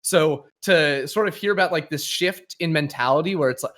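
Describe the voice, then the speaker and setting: A man who casts esports speaks as a guest on a podcast. He breaks down team play in an analytical, conversational way. His voice sits a little high. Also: normal speed, hardly any pauses, fairly bright tone. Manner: analytical, thoughtful. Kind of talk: casual esports chat.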